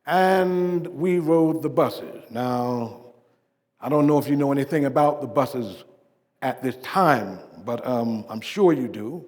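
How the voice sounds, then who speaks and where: An actor as a dignified civil rights preacher. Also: male voice, mid-range voice, big-room sound, lightly acted. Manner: measured oratory with emphatic swells and hushed drops. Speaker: living-history performer. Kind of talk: first-person living-history monologue. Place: stage performance.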